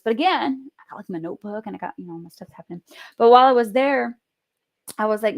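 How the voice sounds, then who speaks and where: A woman vlogging at home, telling a story in an animated, chatty way and swearing freely. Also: medium pitch, fast. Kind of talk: casual storytelling vlog.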